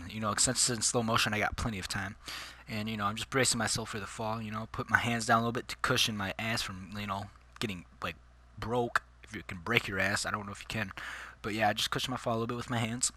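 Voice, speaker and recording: A man's voice: fairly low pitch, fairly even intonation, fast talker, bright, forceful tone, a little hiss or hum. A man telling a personal story in casual, slangy vlog chat, calling his listeners dude and bro. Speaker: vlogger.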